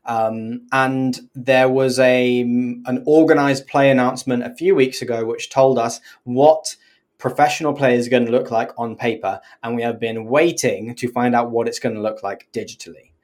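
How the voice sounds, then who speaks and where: A woman's voice: rumbling low, fairly even intonation, moderate pace, a little mellow. A woman co-hosting a podcast in easy, rambling chat. She laughs while she explains, swears now and then, and drops into goofy put-on for single words. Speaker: podcast co-host.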